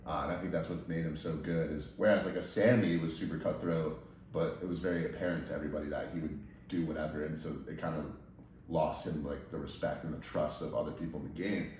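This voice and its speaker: Deep-voiced man recapping in a roomy space. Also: fast talker. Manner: detailed, steady recounting with small restarts. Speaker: podcast host. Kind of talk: casual recap chat. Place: indoor room, in person with guests. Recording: echoey room, mic at a distance, faint noise.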